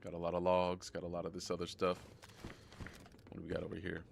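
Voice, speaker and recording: A hoarse, sick young man streaming live gameplay, chatting casually and rambling, often repeating himself. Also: deep voice, monotone, fast talker, a little hiss or hum. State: hoarse from a cold.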